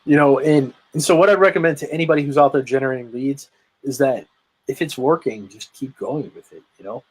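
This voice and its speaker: A man's voice: medium pitch, fairly quick, breathy edge, low-quality recording. A man speaking as a guest on a video call, telling his story with energy, emphasis and many restarts. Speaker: guest, lead generation marketer. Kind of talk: casual interview chat.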